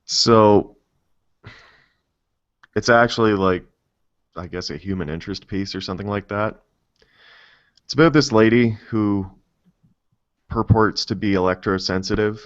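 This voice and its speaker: A low-voiced man on a tech podcast chats casually, full of joking, teasing banter with his co-hosts. The recording has a dull, lo-fi quality. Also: a little slow, long pauses. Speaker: podcast co-host. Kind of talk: casual chat.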